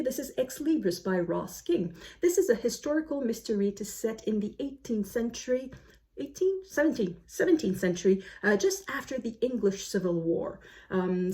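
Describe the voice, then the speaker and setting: A woman's voice: mid-range voice, warm tone. A woman vlogger chatting casually about books she plans to read, full of fillers and self-corrections. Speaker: book vlogger. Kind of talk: casual book chat to camera. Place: home, snowy day outside.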